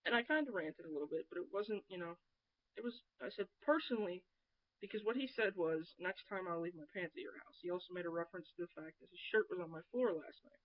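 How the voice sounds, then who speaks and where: A woman's voice: lowish voice, lively intonation, quick pace, lo-fi sound. Sarcastic, blunt woman ranting. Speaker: vlogger. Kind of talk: ranting vlog monologue.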